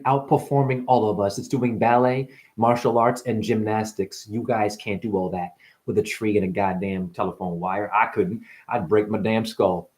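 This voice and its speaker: A man delivering a rambling spiritual monologue, full of swearing, wordplay and sudden swings from muttering to shouting. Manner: profane, wordplay-driven, jumps between wild pitch swings and mutters. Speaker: spiritual speaker.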